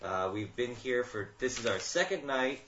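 A man co-hosting a live paranormal radio show from a dining room, teasing the host and talking in halting bits with fillers. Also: medium pitch, expressive, fairly bright tone, a little hiss or hum. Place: dining room of a bed and breakfast. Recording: roomy, lo-fi live broadcast.

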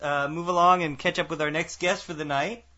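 A man's voice: a little high, fairly even intonation, brisk, bright, forceful tone. A man hosting a radio talk show, easygoing and steering the conversation with fillers. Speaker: radio host. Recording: dull lo-fi radio sound.

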